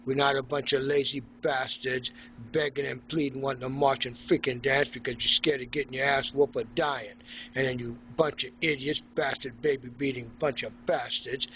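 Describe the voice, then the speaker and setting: Man from Haiti, ranting and mocking, mid-pitched voice, dull lo-fi recording, faint background noise. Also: fairly bright tone. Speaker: vlogger recording a personal log. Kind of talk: angry rambling monologue. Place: hospital room.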